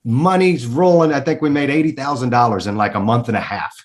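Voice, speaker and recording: A man in his thirties speaks at a middle pitch as an interview guest. He tells his story candidly and emphatically, swears freely, and repeats words when he gets worked up. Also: brisk.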